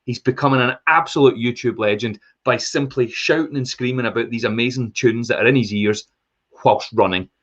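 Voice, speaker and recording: A man co-hosting a podcast, telling a story in an excitable, enthusiastic casual chat over a remote call. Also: mid-range voice, fairly quick, muffled recording. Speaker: podcast co-host.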